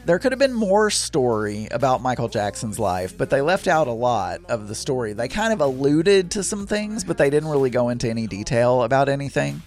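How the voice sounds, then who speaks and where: A man's voice: medium pitch, very animated, a little fast, few pauses, darkish tone, faint music behind. A middle-aged man telling a rambling, chatty story with exasperated asides. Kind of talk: casual storytelling monologue.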